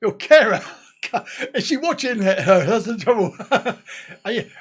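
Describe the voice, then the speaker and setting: A man's voice: sits high, sing-song, a little slow, slightly rough. A man hosting a casual live stream, chatting and laughing as he answers viewer comments.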